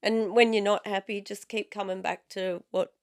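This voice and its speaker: A woman with a hoarse voice from a cold, co-hosting a podcast in a chatty, teasing, storytelling way. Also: medium pitch, fairly even intonation, dry recording, studio quality. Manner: chatty, storytelling, quick to tease. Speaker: podcast co-host. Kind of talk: casual chat.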